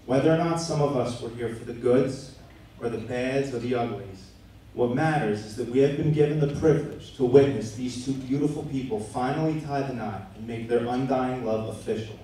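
A man's voice: mid-range voice, moderate pace, warm tone, a little hiss or hum. A man in his thirties giving a best man speech at a wedding reception, joking and then turning earnest and sentimental. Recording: echoey room from far off.

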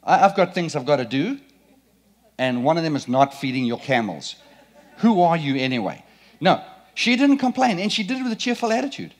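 Animated, playful male preacher. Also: on the high side, brisk. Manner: animated, playful, quizzes the congregation. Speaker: pastor. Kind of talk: sermon. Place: church sanctuary.

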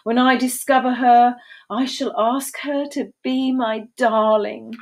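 A woman voicing a haughty, romantic male dinosaur duke in a storybook read-aloud, declaring in a drawn-out, lordly way. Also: a little high, fairly even intonation, a little hiss or hum, voice pushed up. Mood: commanding.

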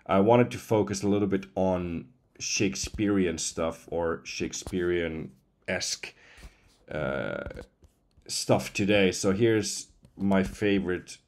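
A man, a professional voice-over artist, casually explaining and testing voice tools, chatty with small asides. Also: deep voice. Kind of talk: casual tutorial chat.

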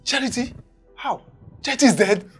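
A man's voice: very high voice, lively intonation, moderate pace, over music. An actor playing a man who presses his panicked brother with questions and urges him to call the police. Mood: pressing. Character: level-headed brother confronting a panicked sibling. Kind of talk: film drama acting.

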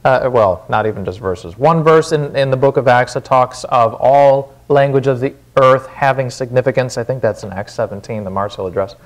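A man's voice: mid-range voice, normal speed, few pauses. A man with a Wisconsin accent preaching a sermon in a church, casual and conversational, often asking "right?". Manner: conversational, frequent "right?" check-ins. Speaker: pastor.

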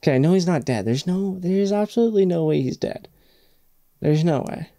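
A man's voice: fairly high pitch, lively intonation, normal speed, warm tone. Rambling, swearing male reaction host. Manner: rambling, swears often, lots of "like". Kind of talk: casual commentary.

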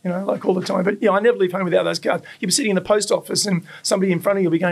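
A fast-talking Australian man with a high, gravelly voice. He tells stories in a casual interview, swears freely and acts out the people he quotes. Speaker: burger restaurant owner, guest. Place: his burger restaurant.

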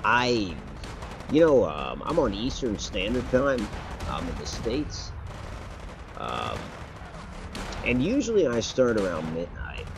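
A man's voice: lowish voice, huge pitch swings, slow pace, long pauses, noisy background. A man streaming a game, giving casual commentary, rambling, correcting himself and swearing casually. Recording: loud game gunfire behind voice. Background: game gunfire and artillery.

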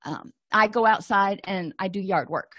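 A middle-aged woman counselor giving a calm, explanatory lecture and walking listeners through exercises. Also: mid-range voice, moderate pace, no room sound, dull audio. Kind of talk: recorded lecture.

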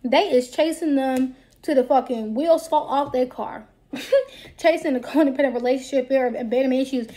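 A woman's voice: sits high, moderate pace. A woman giving a casual tarot card reading to her viewers, talking bluntly and with plenty of profanity. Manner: blunt, profane, lively talk.

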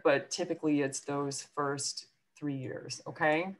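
A woman's voice: deep voice, steady tone, normal speed. A woman school counselor with a New York accent, giving a chatty presentation to parents on a video call with many fillers and self-deprecating asides.

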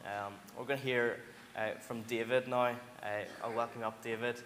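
A man leading a church service makes relaxed announcements with hesitant fillers. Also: medium pitch, moderate pace. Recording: echoey church hall, faint noise.

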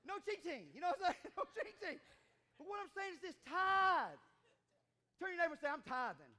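High-voiced preaching man, animated. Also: brisk. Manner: animated, shouting and joking with the congregation. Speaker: pastor. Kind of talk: sermon. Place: church sanctuary.

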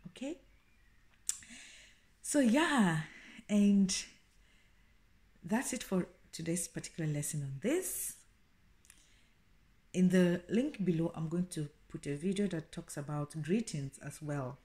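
A woman giving a casual video language lesson, explaining slowly and repeating each phrase. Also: on the low side, expressive, warm tone. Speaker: language teacher.

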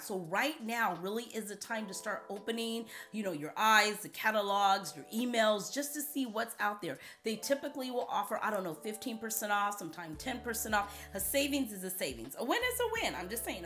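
Bright chatty woman beauty vlogger. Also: mid-range voice. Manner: chatty, playful, emphatic. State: scratchy voice. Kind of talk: casual chat to camera.

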